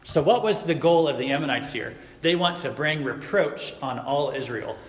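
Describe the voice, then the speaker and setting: A man's voice: a little high, expressive, moderate pace. Man preaching casually in an echoey hall. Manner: conversational, asks the audience questions. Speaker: youth pastor. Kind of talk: casual youth sermon retelling a Bible story. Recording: echoey hall recording, faint noise.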